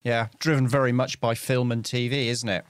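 A man from the South Coast of England co-hosting a podcast, his mid-pitched voice recorded close and dry. He is brisk and keeps the conversation moving, pulling his partner back when they drift. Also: level tone, clear, resonant tone, no echo. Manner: brisk, keeps the talk on track. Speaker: podcast co-host. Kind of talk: casual podcast chat.

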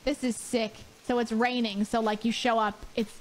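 A woman showing off her decorated game island, excitable, laughing and swearing often. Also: fairly high pitch, moderate pace, a little hiss or hum. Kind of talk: excited gaming clip.

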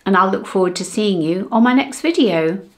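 A woman's voice: medium pitch, lively intonation, normal speed. A middle-aged woman, talking to camera in a chatty, direct way about fashion trends for her vlog. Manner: chatty, warm and direct to viewers. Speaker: fashion and beauty vlogger.

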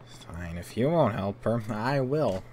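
A man's voice: fairly low pitch, lively intonation, takes it slowly, darkish tone. A man reading the lines of a stern, righteous hero in a video game, firm and scolding, over faint background noise.

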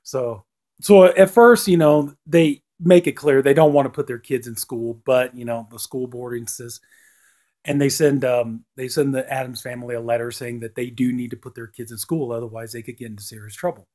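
A man's voice: medium pitch, steady tone, moderate pace, warm tone. A man giving a casual spoken review of a TV episode, rambling and leaning on "you know" fillers. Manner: acts out lines with a lifted voice.

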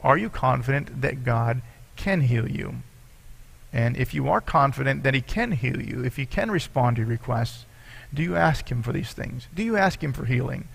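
A man with a gravelly, creaky voice preaching to his congregation. He reads scripture aloud and explains it earnestly, as a pastor would. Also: mid-range voice, animated, moderate pace, a bit bright. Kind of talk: sermon.

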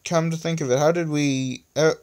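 A man's voice: a little high, steady tone, normal speed, darkish tone, pitched above the performer's own voice, lightly acted. A smug, clever companion who reasons everything out, read by a man in an amateur storybook reading. The voice stays near the reader's own. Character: clever know-it-all companion.

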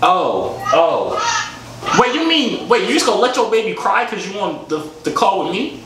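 Animated, playful young-sounding man. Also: sits high, moderate pace. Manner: playful, teasing, slangy. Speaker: vlogger chatting with strangers on a video app. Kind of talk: casual joking video chat. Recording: echoey room with background noise.

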